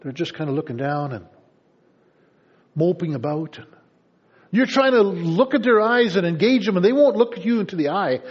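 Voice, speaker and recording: Pastor guy giving a sermon, kinda husky, pitch jumps all over, dull lo-fi sound. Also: animated, moderate pace, pauses often. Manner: conversational, playful asides to congregation.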